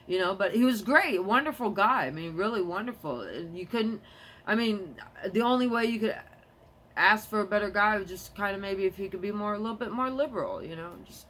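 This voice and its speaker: A young adult woman talking to camera in a rambling casual monologue, jumping between topics and quick to get heated. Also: on the low side, fairly bright tone, slight background noise. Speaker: vlogger.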